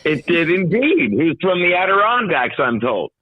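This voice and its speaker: A man's voice: fairly high pitch, very animated, moderate pace. Older man laughing over a phone line. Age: 60s. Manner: wry, wordy, laughs a lot. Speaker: comedian guest. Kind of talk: casual chat.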